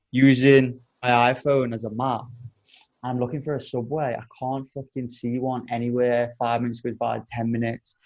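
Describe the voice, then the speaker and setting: A man's voice: medium pitch, highs cut off. A young man hosting a podcast, telling a story in casual chat with lots of swearing. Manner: animated storyteller, swears a lot. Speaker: podcast host.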